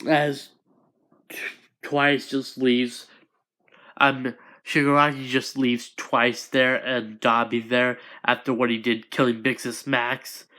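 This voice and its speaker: A man's voice: medium pitch, flat delivery, slow, pushed and bright. A man improvising a fan story as narrator, hesitant and often restarting his sentences.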